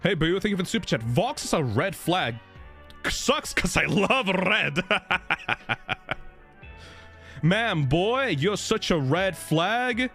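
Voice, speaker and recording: A man hosting a livestream, thanking viewers for donations and chatting in an excitable, giggly way with plenty of swearing. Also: sits high, unhurried, soft background music. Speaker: livestream host reading donations. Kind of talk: casual livestream chat.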